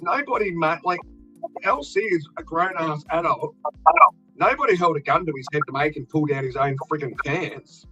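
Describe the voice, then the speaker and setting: A bright, forceful Australian man with a slightly raised voice rants bluntly and swears freely in a casual stream chat. The sound is a little dull, with faint music underneath. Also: high-pitched, moderate pace. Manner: blunt, heavily profane, fired up.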